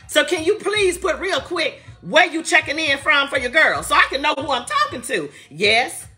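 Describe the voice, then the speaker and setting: A woman hosts a live podcast, loud and playful, saying she is tired as she greets viewers by where they are watching from. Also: high-pitched, sing-song, moderate pace, soft background music. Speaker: podcast host. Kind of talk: casual live-stream chat.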